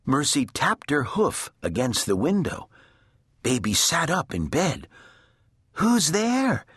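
A man narrating a children's storybook in a gentle, deliberate storytelling manner. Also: medium pitch, very animated, husky, no echo, studio quality. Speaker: audiobook narrator.

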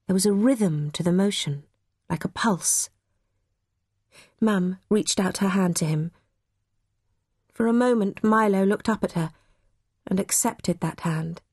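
In a mid-range, husky voice, a woman narrates a children's novel for an audiobook at a slow pace, reading from a script. It's a dry, studio-quality recording, and she tells the story in a measured, expressive way.

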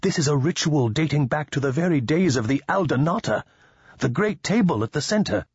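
A man's voice: a little high, expressive, brisk, a little mellow, breathy edge, no echo, lo-fi sound, pitched above the performer's own voice. A man voicing an anxious male diplomat in an audiobook, speaking shakily and lecturing in a tense, raised voice.

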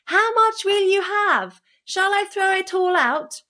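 A woman's voice: mid-range voice, very animated, moderate pace, slightly rough, dry recording, clean studio sound. A woman voicing a tiny, mischievous boy hero in an audiobook, with a perky, cheeky manner. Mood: bawling. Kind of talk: audiobook character reading.

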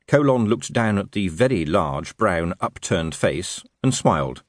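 Lively, low-voiced male audiobook narrator. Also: unhurried, few pauses, no room sound, clean studio sound. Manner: lively, expressive reading. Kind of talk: scripted storybook narration.

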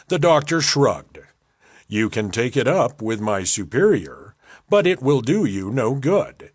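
A man narrating an audiobook in a measured, unhurried storytelling manner, close on a studio mic. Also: medium pitch, sing-song, slightly rough, no room sound. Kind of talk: scripted narration.

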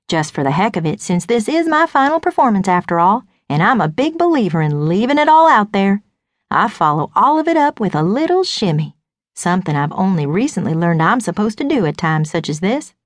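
A woman's voice: medium pitch, brisk, no room sound. Wry woman narrating an audiobook, dry sound. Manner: wry, knowing, deadpan asides. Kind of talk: first-person audiobook narration.

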